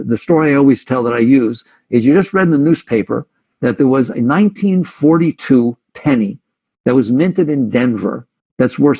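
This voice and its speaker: A man with a gravelly, slightly husky voice gives a spiritual talk in a reflective, conversational way. He often slips into voicing his listeners' inner thoughts. The recording sounds dull and lo-fi. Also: mid-range voice, mellow. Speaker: spiritual teacher.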